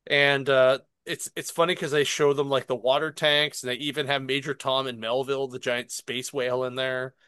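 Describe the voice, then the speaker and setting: Man, comic review podcast host, smooth clear voice, dry sound, chatty with fillers. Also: medium pitch, little pitch movement, normal speed, few pauses, a bit bright, dry recording. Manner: rambling with many fillers and laughs. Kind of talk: casual comic review recap.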